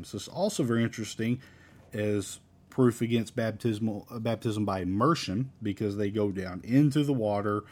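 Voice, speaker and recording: A man's voice: lowish voice, moderate pace, darkish tone, husky. A man teaching a verse-by-verse Bible study in an emphatic, repetitive, conversational way.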